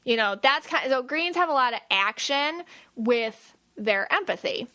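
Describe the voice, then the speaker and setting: A woman hosting a podcast, explaining things in a chatty way and acting out quick quoted voices. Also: sits high, expressive, pushed and bright. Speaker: podcast host, aura reader. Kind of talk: casual explanatory podcast talk.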